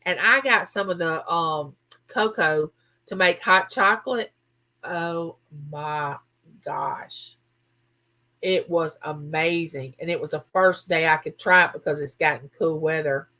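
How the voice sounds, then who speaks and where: Woman, livestream host, chatty, bright clear tone, lower pitch. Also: normal speed. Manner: chatty, animated, talks straight to viewers. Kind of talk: casual live chat reading viewer comments.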